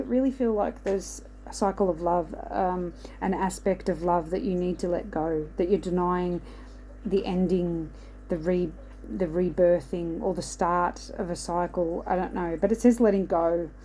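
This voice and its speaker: A woman's voice: lowish voice, fairly even intonation, measured pace, dark tone, a little hiss or hum, low-quality recording. A woman giving a casual spiritual card reading, rambling and reassuring, often checking in with "okay". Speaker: oracle card reader.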